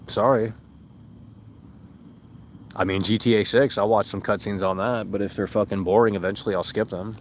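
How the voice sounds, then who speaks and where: A young man with a fairly low voice talks casually to his stream chat. He is blunt and exasperated, swears a lot and mocks comments with sarcastic put-on voices. A faint hum of background noise sits under his voice. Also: steady tone, moderate pace, long pauses.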